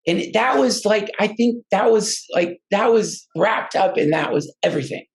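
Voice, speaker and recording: A man's voice: sits high, lively intonation, vocal fry, low-quality recording. A man telling a personal story in a casual, rambling way, often stopping and restarting his sentences. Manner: halting and rambling, many restarts. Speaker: guest storyteller.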